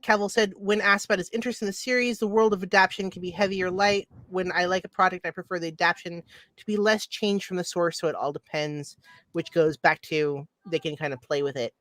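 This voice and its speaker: A woman from Ireland co-hosting a casual podcast, reading nerd news in an excitable way that trails off and restarts. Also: lowish voice, quick pace, dry recording. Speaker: podcast co-host.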